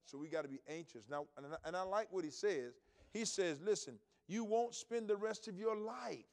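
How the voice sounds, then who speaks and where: A man preaching a sermon to his congregation, moving between loud emphatic points and quiet asides, with folksy storytelling and repeated phrases. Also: a little high. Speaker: pastor.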